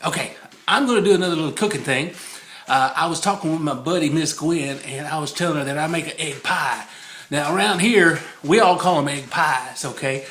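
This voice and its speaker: A man's voice: on the high side, brisk, fairly bright tone, slight background noise. A man chatting casually through a home cooking video, rambling, easily distracted and laughing often, repeating the recipe in a sing-song.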